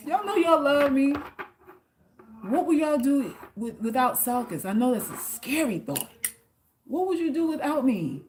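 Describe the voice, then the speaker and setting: A woman's voice: high-pitched, very animated, unhurried, a little mellow, slight background noise. A woman hosting a casual live stream, reading viewer comments aloud and answering them in a blunt, teasing, slangy way, with some profanity. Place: South Florida.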